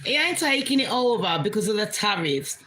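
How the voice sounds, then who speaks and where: Woman vlogger, British Jamaican accent, bright and sharp tone, profane heated rant, faint room noise. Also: mid-range voice, big pitch swings, fairly quick, low-quality recording. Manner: profane, heated, swearing constantly. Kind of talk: angry political rant vlog.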